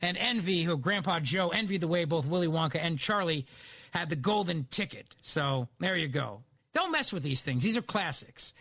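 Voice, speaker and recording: A man with a Philadelphia accent hosting talk radio, delivering an animated, opinionated monologue. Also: on the high side, dry recording. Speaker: radio host.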